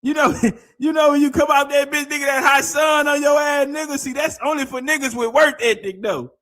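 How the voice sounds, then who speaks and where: A man reacting to a clip with loud, laughing, profane banter. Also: very high voice, steady tone, fairly quick. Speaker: reaction streamer. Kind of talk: casual reaction commentary.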